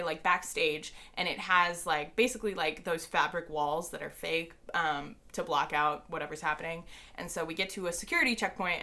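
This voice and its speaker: A young woman vlogger telling a story in casual, excited rambling speech, full of fillers. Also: lowish voice.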